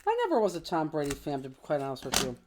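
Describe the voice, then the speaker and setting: A woman's voice: low voice, huge pitch swings, racing, a loud crowd. A woman running a live online craft class in a loose, talkative way. She teases her co-host and hunts for words with ums and restarts. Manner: chatty and teasing, with many ums and restarts. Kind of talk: casual chat during a live online class.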